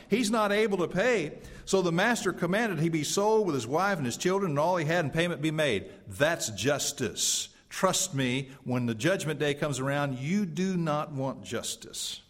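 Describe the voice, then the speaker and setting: A man preaching a sermon, shifting between loud emphatic passages and hushed ones, asking the congregation rhetorical questions. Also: on the high side, normal speed, hardly any pauses. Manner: dynamic, swings from loud emphatic to quiet and hushed. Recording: long reverb of a church hall.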